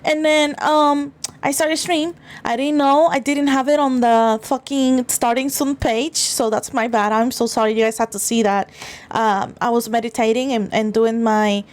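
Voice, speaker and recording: A woman's voice: a little high, level tone, normal speed. A young woman streamer chatting casually and ranting in frustration, swearing and stammering through restarts at a desk mic. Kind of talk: casual livestream chat.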